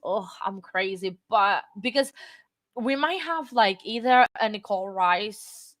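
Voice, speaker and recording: A woman hosting a livestream, talking in a rambling, halting way while she has the hiccups. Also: medium pitch, lively intonation, a bit bright, no room sound. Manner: rambling, self-interrupting, halting. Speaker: livestream host. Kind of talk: casual livestream chat. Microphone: desk microphone.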